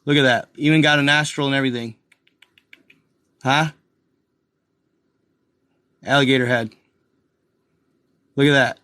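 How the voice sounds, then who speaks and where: Excited guy hosting a vid, keeps saying look at that to the guys, bright voice, dry sound. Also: medium pitch, a little slow, long pauses, no room sound. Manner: excited, repetitive, addresses viewers as guys and y'all. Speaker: video host. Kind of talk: casual commentary over a map.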